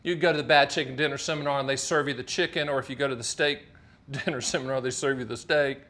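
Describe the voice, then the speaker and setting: A man's voice: medium pitch, fast. A middle-aged man from North Carolina hosting a casual video, joking and hammering his points home with repetition. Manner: jokey, animated, emphatic repetition. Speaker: host. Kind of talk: casual talk to camera.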